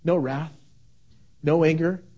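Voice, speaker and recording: High-pitched guy preaching, goes from almost whispering to shouting, repeats words for emphasis. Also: fairly even intonation, takes it slowly, highs cut off. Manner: swings from hushed near-whisper to fervent shouting. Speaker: pastor; father of young sons. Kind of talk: sermon.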